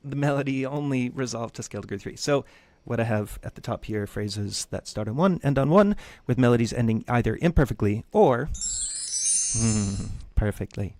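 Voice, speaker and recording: A man's voice: medium pitch, expressive, normal speed, darkish tone. A man teaching music theory in a loose, conversational lecture with jokey asides. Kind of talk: casual lecture.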